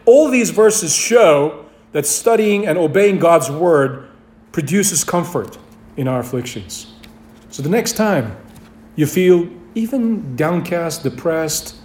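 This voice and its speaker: A man's voice: fairly high pitch, a little mellow. A man preaching a sermon to his congregation, emphatic and repeating key phrases. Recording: echoey room.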